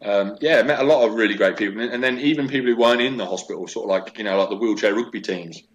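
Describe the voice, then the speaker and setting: Brief: man in his forties, low voice, chatty and animated storyteller, casual interview guest. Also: quick pace, lo-fi sound.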